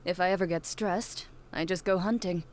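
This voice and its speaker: A woman voicing a calm, composed young huntress in a video game, speaking tersely and with dry formality. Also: on the low side, normal speed, slight background noise, lightly acted. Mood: cool.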